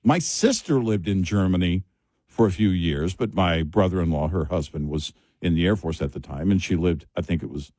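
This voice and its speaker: A man's voice: deep voice, normal speed, mellow, dry recording. An American man co-hosting a casual chat, telling rambling stories full of restarts and asides. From United States.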